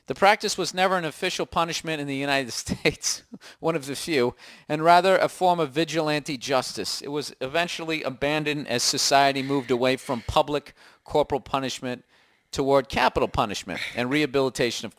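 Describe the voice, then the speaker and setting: A man's voice: a little high, a bit bright, no echo, studio quality. A man co-hosting a casual comedy podcast in an apartment, with sarcastic, teasing banter. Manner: sarcastic, teasing, reads aloud mockingly. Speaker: podcast co-host.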